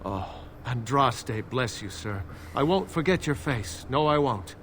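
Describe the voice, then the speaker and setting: A weary, crippled beggar veteran. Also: male voice, medium pitch, animated, unhurried, a bit bright, a little hiss or hum. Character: weary crippled male war veteran begging. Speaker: game character.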